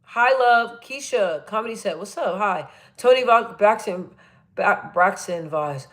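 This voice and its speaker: A woman live-streaming, reading chat comments and talking bluntly and energetically, with a naturally deep voice she lifts a little. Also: a little slow. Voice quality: naturally deep voice, pitched up a bit. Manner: chatty, blunt and energetic, full of fillers and restarts.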